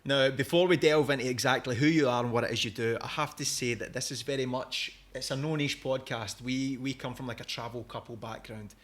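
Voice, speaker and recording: A Scottish man hosts a relaxed podcast conversation at an ordinary, middle pitch. He chats loosely and rambles, and laughs easily between his questions. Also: brisk, few pauses. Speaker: podcast host. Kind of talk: casual interview chat.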